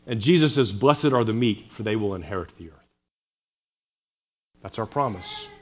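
A man's voice: lowish voice, animated, moderate pace, lo-fi sound. A man preaching a sermon, earnest, with wry sarcastic asides to his congregation. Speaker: pastor.

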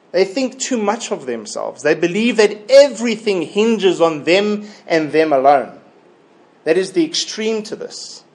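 Male preacher for a verse-by-verse Bible sermon: slow, slightly high voice, emphatic and repetitive. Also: big pitch swings, a little mellow. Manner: deliberate, emphatic, repeats key phrases.

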